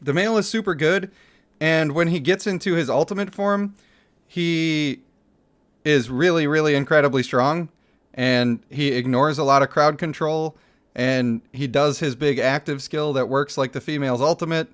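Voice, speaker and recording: A man hosting a live game stream, chatting with viewers and thanking supporters, quick to laugh. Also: a little high. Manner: excitable, laughs easily, thanks viewers by name. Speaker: streamer and gaming channel host.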